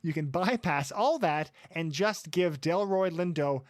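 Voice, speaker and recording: A man co-hosting a film podcast, walking through scenes with a wry, dry humor. His voice sits high, and it is recorded close and dry. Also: measured pace, no room sound. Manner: wry, summarizing scenes, doing character voices. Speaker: podcast co-host. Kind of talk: casual film-review chat.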